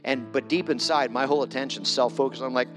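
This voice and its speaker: A man's voice: medium pitch, fast. A middle-aged man giving a conversational storytelling sermon as a guest preacher, self-deprecating and acting out his own quotes. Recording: long hall reverb with music.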